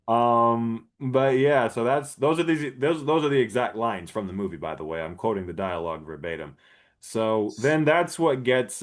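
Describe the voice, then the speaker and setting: A man hosting a podcast, retelling a movie plot in a rambling, profane, casual way and clearing his throat often. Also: medium pitch. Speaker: podcast host. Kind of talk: casual comedic movie recap.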